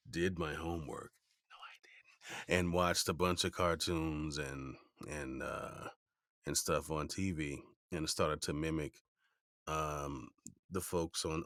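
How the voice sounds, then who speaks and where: Male voice actor, very low pitch, dry booth sound; animated storyteller. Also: takes it slowly, no echo. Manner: animated storyteller who slips into playful voices for quotes. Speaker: voice actor guest. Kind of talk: relaxed interview storytelling.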